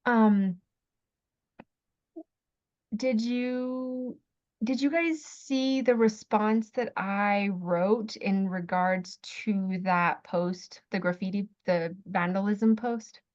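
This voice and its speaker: A woman working as a parenting coach, giving gentle, thoughtful advice on a video call. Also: mid-range voice, fairly even intonation, very slow, dull audio.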